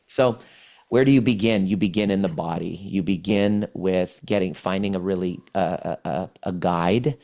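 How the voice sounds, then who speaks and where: A man with a fairly low voice speaks as a guest on a podcast. He retells a healing session with animated energy and voices both sides of the exchange. His delivery is conversational and earnest. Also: moderate pace. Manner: animated, acts out the client's replies. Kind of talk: conversational storytelling.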